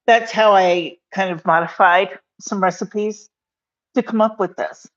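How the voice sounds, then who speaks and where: A woman's voice: mid-range voice, a little slow, muffled recording. A woman chatting casually through a home cooking video, rambling with many fillers and frequent laughter. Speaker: cooking vlogger. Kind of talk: casual cooking chat to camera.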